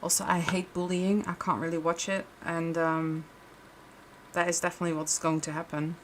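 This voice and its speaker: A woman's voice: fairly low pitch, little pitch movement, moderate pace, a little hiss or hum. A young adult woman chatting casually as she crafts on a livestream, rambling with frequent restarts and fillers. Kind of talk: casual chat while crafting.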